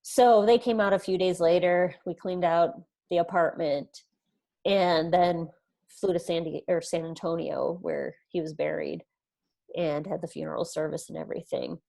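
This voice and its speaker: A woman in her thirties speaks as a podcast guest, recounting her own story in an earnest way. Her voice sits a little low, and she slips into quoted dialogue as she tells it. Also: fairly even intonation, normal speed, vocal fry, mellow. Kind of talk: personal storytelling in an interview.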